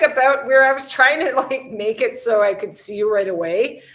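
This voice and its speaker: Out in bright sunshine, an American woman chats casually on a livestream, reading viewers' comments aloud, responding to them, and swearing a little. She speaks at a normal speed in a slightly high, somewhat bright voice.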